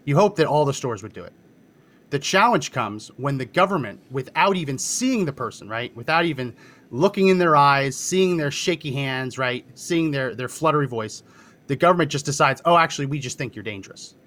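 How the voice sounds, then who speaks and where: A man in casual podcast talk, his voice sitting in an ordinary middle pitch. He argues his points steadily and drops in frequent short agreements while his co-host speaks. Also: expressive, a bit bright. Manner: argumentative, quick to agree with short yeahs.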